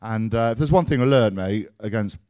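A man's voice: fairly low pitch, fairly quick, dark tone, clean tone, no room sound, clean studio sound. A man hosting a live chat show, teasing his guests and swearing casually as he asks questions. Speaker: host. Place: crowded live-show venue.

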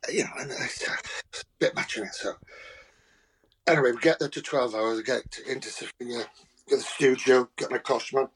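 A man, a guest actor telling lively anecdotes, laughing often and acting out voices. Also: mid-range voice, brisk, a little hiss or hum, rough recording. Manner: animated storyteller, laughs often, acts out voices. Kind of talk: anecdotal chat.

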